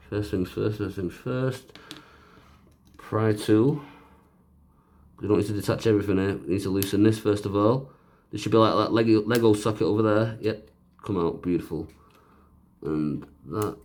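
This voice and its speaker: A man with a fairly low voice talks a viewer through fixing a handheld console. He keeps up a loose, joking commentary full of self-mocking asides as he works. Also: fairly even intonation, normal speed, darkish tone. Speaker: repair video host. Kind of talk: casual narrated repair tutorial.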